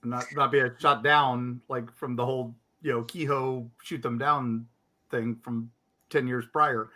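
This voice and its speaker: Bright-voiced man telling a story animatedly. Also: medium pitch, measured pace. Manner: animated, mimics other people's reactions. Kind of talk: casual chat, storytelling.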